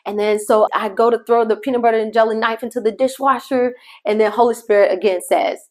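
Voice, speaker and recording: A woman's voice: a little high, fairly even intonation. A middle-aged woman hosting a devotional podcast, telling a personal story in a conversational way and talking straight to her listeners. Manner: shifts pace between slow emphasis and quick asides. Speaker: podcast host.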